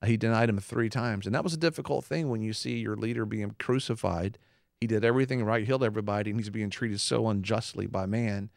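A man's voice: fairly low pitch, quick pace, gravelly, no room sound, studio quality. A man co-hosting a Christian talk show, preaching earnestly in casual conversation and acting out quotes. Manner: earnest, animated, acts out quotes.

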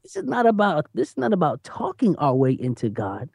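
An animated preacher who talks emphatically in conversation, laughing between points and slowing down to stress key phrases. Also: medium pitch, vocal fry, no echo, studio quality. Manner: lively, emphatic, repeats "you know what I'm saying".

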